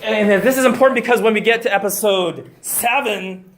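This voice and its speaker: Excitable deacon in an echoey room. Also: male voice, sits high, moderate pace, crowd noise. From United States. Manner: excitable, loud bursts, many fillers and restarts. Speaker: deacon giving a talk. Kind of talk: lively public talk. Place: restaurant event room.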